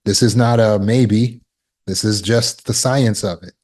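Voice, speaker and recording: A man's voice: fairly low pitch, fairly even intonation, a little slow, darkish tone. A man giving a motivational talk as a self-help teacher, emphatic and repetitive, explaining with everyday examples.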